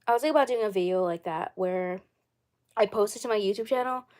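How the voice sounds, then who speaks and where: A woman's voice: mid-range voice, fast, darkish tone. A woman hosting her own live stream in a casual chat, rambling and repeating herself often. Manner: rambling and repetitive. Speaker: channel host.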